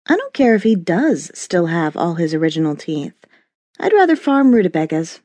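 A woman's voice: lowish voice, big pitch swings, moderate pace, darkish tone, no room sound. A woman narrator voicing a wry, exasperated middle-aged mother in an audiobook. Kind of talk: audiobook character voice.

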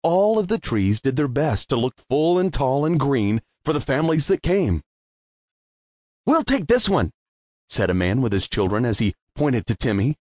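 A man narrating a children's storybook audiobook with gentle, expressive storytelling. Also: medium pitch, normal speed, few pauses, no room sound, clean studio sound.

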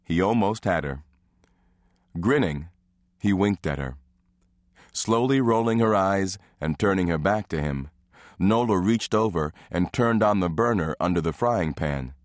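A man narrating an audiobook in a measured, even reading. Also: sits low, no room sound, studio quality. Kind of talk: scripted narration.

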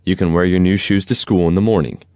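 A man voicing a calm, kind father in a children's storybook. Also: low voice, fast talker, dry recording, lightly acted.

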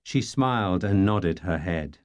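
A man's voice: sits low, lively intonation, unhurried. A man narrating a first-person novel in a dry, wry storytelling manner. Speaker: audiobook narrator.

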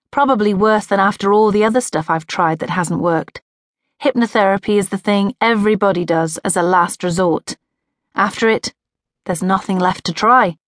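A woman's voice: medium pitch, no echo, clean studio sound. A woman narrating a first-person audiobook in a wry, sardonic inner-monologue manner. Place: recording studio.

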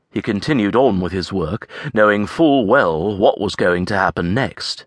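A male audiobook narrator with a low voice that moves with lively intonation. He tells the story in a measured, expressive way. The sound is close and completely dry. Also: no echo. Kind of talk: scripted narration.

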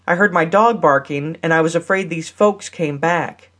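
A woman voicing a tall, gentle neighbor man who speaks softly and apologizes readily, in an audiobook. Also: low-pitched, normal speed. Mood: apologetic.

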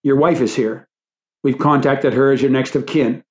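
A man voicing a calm hospital nurse who speaks in a quick, soothing, matter-of-fact way. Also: medium pitch, natural voice. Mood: reassuring.

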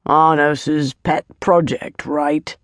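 A woman's voice: low voice, unhurried, dry recording. Woman doing a grim old centurion, blunt, clipped, dry close sound. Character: gruff veteran male centurion, blunt and wary.

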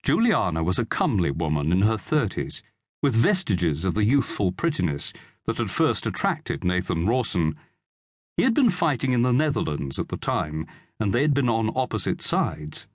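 A male audiobook narrator reads scripted narration in a lively, low voice at normal speed. The recording is dry, with clean studio sound.

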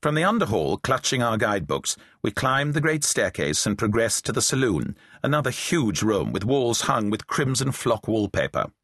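Wry man narrating, husky voice. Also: mid-range voice, normal speed, few pauses, dry recording. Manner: dry, wry storytelling with lively intonation. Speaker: audiobook narrator. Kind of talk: reading a novel aloud, voicing characters lightly. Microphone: close studio mic, dry booth.

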